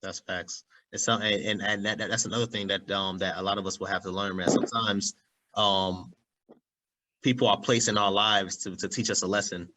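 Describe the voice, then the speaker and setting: A young man talking quickly in a casual podcast chat, full of slang and filler phrases. His voice is low-pitched but bright and forceful. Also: a little hiss or hum, rough recording. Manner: animated, slangy, repeats "you know what I'm saying".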